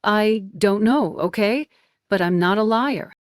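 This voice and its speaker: A woman's voice: medium pitch, unhurried, no echo, clean studio sound, close to an everyday voice. A woman voicing a hurt, earnest young man who pleads and defends himself. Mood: defensive.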